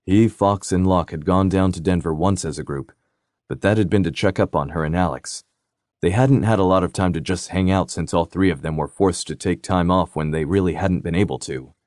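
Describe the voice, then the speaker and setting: A man narrating a romantic suspense audiobook in a steady, even reading. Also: low-pitched, brisk, no echo, clean studio sound. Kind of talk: scripted narration.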